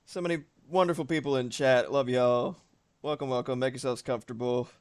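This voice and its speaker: His mid-range voice is smooth as he draws and chats on a live stream. The man stays animated throughout, swearing freely and dropping quick asides.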